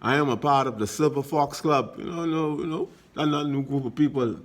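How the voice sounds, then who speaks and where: A man's voice: medium pitch, brisk. A middle-aged Bahamian man giving a casual motivational monologue, emphatic and repetitive, telling stories as he goes. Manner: emphatic, repetitive exhortations, storytelling. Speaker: vlogger.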